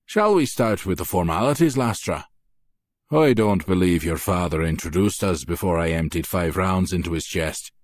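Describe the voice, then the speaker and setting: A man's voice: low-pitched, expressive, normal speed, dry recording, clean studio sound. A male narrator voicing a scornful, menacing Irish mob boss with an Irish brogue in an audiobook. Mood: mocking. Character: mocking brutal Irish mob boss, older man. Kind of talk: audiobook character voice.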